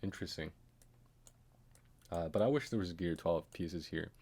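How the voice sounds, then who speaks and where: Deep and darkish, this man's voice moves at a normal pace as he chats through a game stream. He rambles loosely, drifting into mumbled asides and little chuckles.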